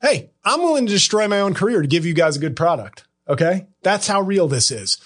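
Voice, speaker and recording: A man's voice: high-pitched, very animated, brisk, fairly bright tone. A comedian hosting his podcast, riffing sarcastically and rambling through hot takes. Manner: sarcastic, rambling, bursts into impressions.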